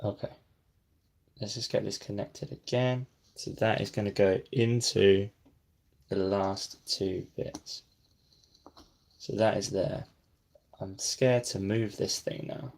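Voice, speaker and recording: A man narrates his build in a slow, unhurried way. His voice has a gravelly, creaky edge. He chats to himself and sometimes drops to a near whisper as he concentrates. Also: on the low side, fairly even intonation, darkish tone. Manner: self-deprecating, talks to himself while building. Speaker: brick-building vlogger. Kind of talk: casual build commentary.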